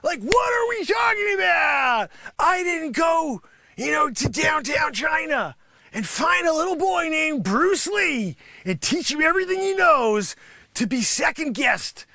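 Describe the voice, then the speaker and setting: A man's voice: very high voice, huge pitch swings, a little slow, vocal fry, no room sound, pitched above the performer's own voice, exaggerated voice. A man playing Sensei Round Eye, a bragging sensei. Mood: boastful, indignant. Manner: bragging, worked up, shouting in bursts. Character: boastful self-styled male martial arts sensei. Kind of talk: live improv comedy.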